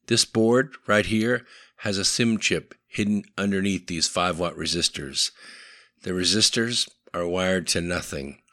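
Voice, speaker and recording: A man's voice: low-pitched, a little slow, bright, forceful tone, no room sound, clean studio sound. A man voicing a young American accomplice in a storybook, polite and eager.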